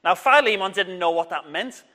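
At church, a man tells children a Bible story in a lively, encouraging way, drawing the crowd in and getting them to shout along. His voice sits high and moves a little fast.

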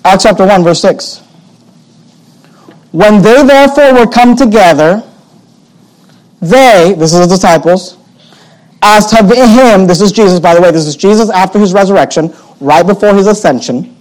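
A male pastor with a notably high voice delivers a sermon. He drives his points home by repeating key phrases and reads scripture aloud in old-fashioned wording. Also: normal speed, long pauses, a little mellow, low-quality recording.

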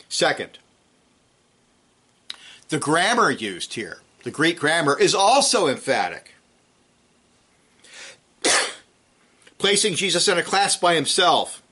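A man preaching an expository sermon, reading scripture and explaining Greek words in a measured way. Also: a little high, very animated, sharp tone, husky.

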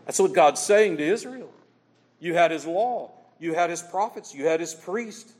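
A man's voice: on the high side, moderate pace, big-room sound. A man preaching a sermon as pastor, emphatic and quoting scripture dramatically.

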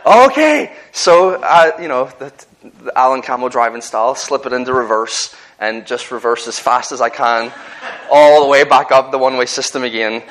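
A man's voice: medium pitch, steady tone, a little fast, a bit bright, poor audio. A man with a Northern Irish accent preaching a sermon in an earnest, conversational way, often restarting his phrases and telling personal stories.

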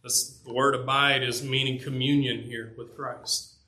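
A man preaching a sermon to a congregation, earnest and emphatic, rising in volume on key points and dropping low on others. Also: little pitch movement, unhurried, pushed and bright. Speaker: pastor.

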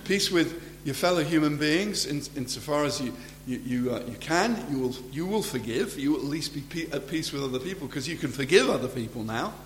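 A man's voice: a little high, animated, a little fast, few pauses. A man preaching a sermon in a church and closing with a prayer, earnest and conversational, often restarting his phrases. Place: church hall. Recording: echoey hall with faint hum.

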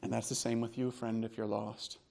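A man preaching a sermon as a pastor, telling a personal story with strong emotion, dropping to hushed tones and rising to loud outbursts. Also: mid-range voice, flat delivery, a little fast, gravelly.

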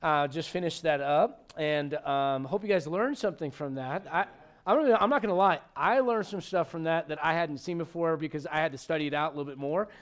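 A man's voice: a little high, fairly quick. A male pastor preaching a conversational sermon to his congregation, emphatic and full of questions to the room. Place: church sanctuary.

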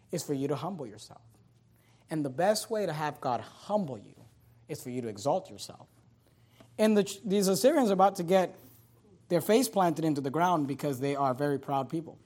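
A man preaching an expository sermon, reading scripture with dramatic emphasis and breaking into conversational asides to the congregation. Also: high-pitched.

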